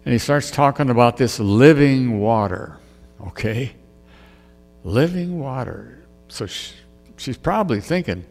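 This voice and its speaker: A man's voice: medium pitch, expressive, measured pace, gravelly, a little mellow, long reverb tail, faint music behind. A man preaching a conversational sermon, musing aloud as he retells a story.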